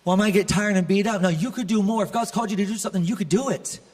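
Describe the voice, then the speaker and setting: Guy pastor preaching, high voice, jokey and animated, big echoey church hall. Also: racing. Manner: animated, conversational preaching with humor. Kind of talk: sermon. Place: large church auditorium.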